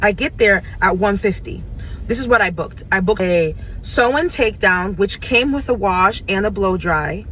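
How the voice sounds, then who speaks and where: A woman's voice: medium pitch, lively intonation, moderate pace, a bit bright, a little hiss or hum, poor audio. A woman sitting in a car, recounting a salon visit step by step in casual storytime.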